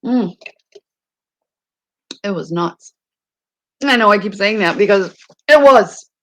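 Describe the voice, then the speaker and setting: A middle-aged woman with a hoarse voice, chatting casually on a live stream to her viewers, rambling and laughing often. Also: mid-range voice, lively intonation, slow, a bit bright.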